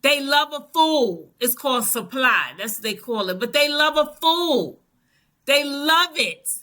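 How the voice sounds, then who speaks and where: A woman's voice: high-pitched, animated, unhurried, pushed and bright. A woman with a Southern US accent hosting a storytime reaction, talking emphatically and repeating phrases for effect. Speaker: reaction channel host.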